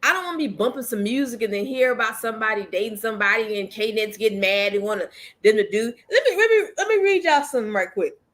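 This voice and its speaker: A woman's voice: fairly high pitch, lively intonation, fast talker, fairly bright tone. A woman hosting her own commentary channel, ranting bluntly and emphatically in casual slang and repeating her points.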